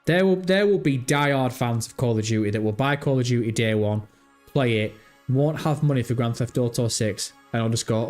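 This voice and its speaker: A man hosting a casual gaming livestream, thinking out loud and reading chat messages and search results. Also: mid-range voice, normal speed, faint music behind.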